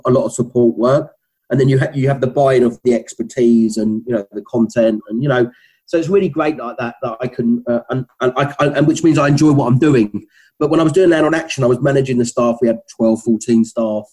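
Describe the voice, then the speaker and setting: A man's voice: medium pitch, dark tone, husky, low-quality recording. A middle-aged man with a Cockney accent, a company founder chatting as an interview guest, rambling with many restarts. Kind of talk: casual interview talk.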